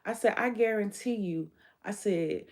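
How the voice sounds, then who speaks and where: A woman's voice: medium pitch, a little slow, a little mellow. A woman hosting her own livestream, talking bluntly and emphatically in a candid, profane monologue, often quoting what she told others. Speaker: livestream host.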